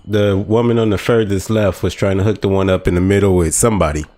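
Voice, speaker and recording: A man co-hosting a podcast in relaxed, easygoing casual chat. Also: low-pitched, fast talker. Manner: relaxed, easygoing, asks viewers to subscribe. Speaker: podcast co-host.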